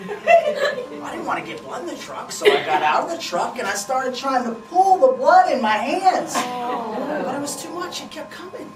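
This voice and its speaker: A woman's voice: high voice, sing-song, normal speed, loud music behind the voice, voice pushed up. A woman voicing a clueless husband who earnestly rambles through his excuses. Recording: roomy, distant, noisy.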